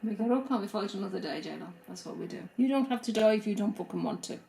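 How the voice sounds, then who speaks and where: A middle-aged woman with a gravelly, creaky voice talks plainly and reassuringly. She is recorded in an echoey room with faint noise in the background. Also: medium pitch, expressive, fast talker, mellow. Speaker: vlogger's mother. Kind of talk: casual chat.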